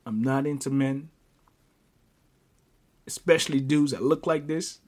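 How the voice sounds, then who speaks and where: A man hosting a podcast, telling a personal story in casual chat, animated, often stammering and breaking into laughter. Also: mid-range voice, measured pace, slight background noise. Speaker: podcast host.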